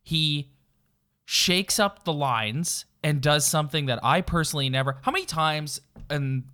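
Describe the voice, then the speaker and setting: A man's voice: a little high, measured pace, pushed and bright. A man co-hosting a casual sports podcast, sounding stuffy and nasal from a cold, rambling with lots of fillers. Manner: rambling, filler-heavy, emphatic. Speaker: podcast co-host.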